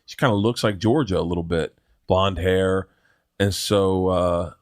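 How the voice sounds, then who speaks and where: A man's voice: low-pitched, measured pace, no room sound, studio quality. A middle-aged man, a guest comedian, telling rambling, laughing, profane anecdotes in casual chat. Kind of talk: casual storytelling.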